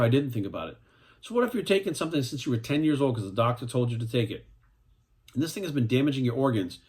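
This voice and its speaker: Forties male coach, blunt and profane, hammers his points home. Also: mid-range voice. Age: 40s. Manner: profane, emphatic, repeats "right?". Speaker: fitness coach. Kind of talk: blunt vlog rant.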